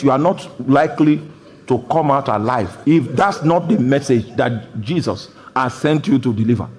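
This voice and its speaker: Male preacher, sermon delivery, shouts then hushes, husky voice, big echoing hall. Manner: bursts into loud shouted quotes, then drops low. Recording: long hall reverb.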